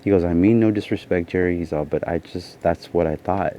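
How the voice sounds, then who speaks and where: In a laid-back vlog, a sleep-deprived man tells a rambling personal story packed with "you know." His deep, warm voice moves a little fast, and the lo-fi audio is dull with slight background noise.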